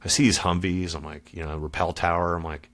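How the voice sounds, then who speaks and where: Low-voiced ex-marine guy on a podcast, chill and slangy, keeps saying dude. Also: level tone, brisk, a bit bright. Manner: laid-back and slangy, calls host dude and brother. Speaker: podcast guest, former Marine. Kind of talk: casual storytelling interview.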